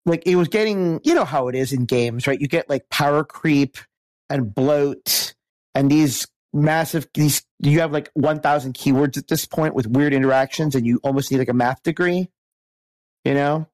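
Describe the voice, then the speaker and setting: A man guesting on a podcast, talking casually with a hoarse, worn-out voice and a rambling manner full of restarts. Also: on the high side, normal speed, darkish tone, dry recording. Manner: rambling, many restarts and fillers. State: hoarse, lost voice.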